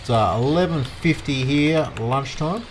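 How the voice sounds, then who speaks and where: A man's voice: on the high side, unhurried, slight background noise. Chatty Australian man streaming a game. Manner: chatty, rambling, talks to chat viewers. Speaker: livestream gamer. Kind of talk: casual live gameplay commentary.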